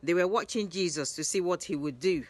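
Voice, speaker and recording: A woman narrating Bible stories in a lively retelling, raising her voice for the quoted lines. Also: fairly low pitch, fairly quick, no room sound. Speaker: Bible storyteller.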